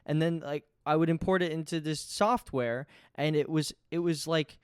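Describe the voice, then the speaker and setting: A man's voice: on the high side, steady tone, moderate pace, hardly any pauses, clean tone, no echo, studio quality. A young man hosting his own podcast, talking casually in a rambling, self-deprecating way and often restarting his sentences. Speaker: podcast host. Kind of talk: casual solo podcast monologue.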